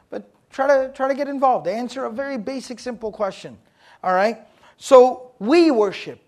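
A man giving a religious lesson to a live audience in a room. He talks in an animated way, quizzes the listeners and repeats points for emphasis. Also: very high-pitched. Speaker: Islamic teacher.

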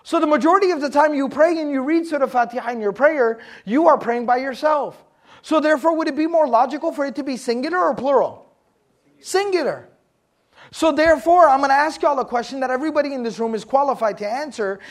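A man giving a religious lesson to a live audience in a room. He talks in an animated way, quizzes the listeners and repeats points for emphasis. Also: extremely high pitch, quick pace. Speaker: Islamic teacher.

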